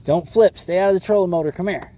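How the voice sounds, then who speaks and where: A man livestreaming bass fishing from a boat on a lake, chatting with viewers in an easygoing way and talking excitedly to the fish as he reels it in. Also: racing, slight background noise. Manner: excitable, talks to the fish and chat. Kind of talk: casual live commentary while fishing.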